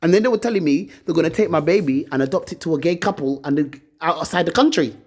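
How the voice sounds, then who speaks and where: A woman's voice: deep voice, quick pace, darkish tone, slightly rough. A woman vlogger ranting to her phone camera, bitter and accusing, swearing often. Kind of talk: angry personal rant to camera.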